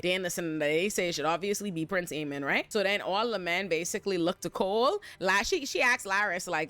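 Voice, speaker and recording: A woman hosts a casual TV recap in a brash, slangy way. She swears freely and keeps her delivery animated. Her voice sits at a middling pitch. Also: fairly quick. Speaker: show recap host.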